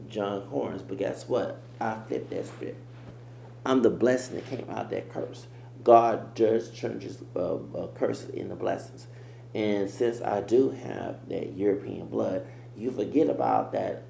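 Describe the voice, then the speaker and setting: Gravelly-voiced man ranting on camera. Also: fairly low pitch, dark tone. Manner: rambling, emphatic. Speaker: commentator. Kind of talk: reaction commentary. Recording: echoey room with faint hum.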